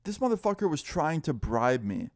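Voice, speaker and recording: A man's voice: on the high side, normal speed, no echo, studio quality. Young man telling a swearing storytime. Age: young adult. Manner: animated, swearing, acts out quoted people. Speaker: storyteller vlogger. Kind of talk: casual storytime.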